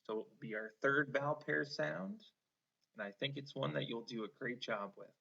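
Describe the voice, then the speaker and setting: A man's voice: mid-range voice, moderate pace, creaky, pushed and bright, highs cut off. A man teaching a one-on-one spelling lesson, patiently sounding out words letter by letter and encouraging the student.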